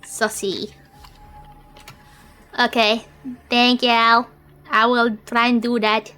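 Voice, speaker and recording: A woman streamer in a relaxed call with her friends, drawn-out and slow in her speech. Her voice sits a little high and she teases and gasps easily. Soft game music plays faintly underneath. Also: clean tone. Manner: teasing, excitable, slow-spoken. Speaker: streamer hosting a group call. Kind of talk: casual chat between gamer friends.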